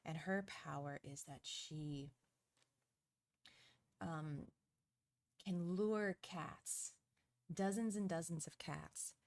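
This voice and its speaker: A woman's voice: deep voice, no room sound. A young woman illustrator chatting casually on a live art stream, hesitant with lots of ums and frequent laughs, into a desk microphone.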